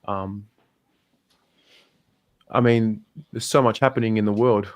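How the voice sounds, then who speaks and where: Man, low voice, hesitant, podcast chat, dry close sound. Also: steady tone, slow, dry recording. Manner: hesitant, many fillers and restarts.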